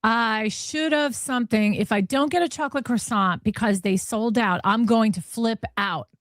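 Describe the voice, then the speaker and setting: A woman's voice: on the high side, moderate pace, no echo, studio quality. A woman host reading text messages aloud and reacting with disbelief and laughter. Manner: incredulous, laughing. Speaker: commentary host. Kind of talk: reading texts aloud with commentary.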